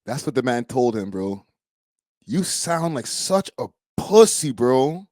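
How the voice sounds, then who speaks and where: A man's voice: on the high side, big pitch swings, measured pace, a bit bright, dry recording, studio quality. A young man from Canada, a streamer host giving a blunt, profane, slangy live-stream reaction.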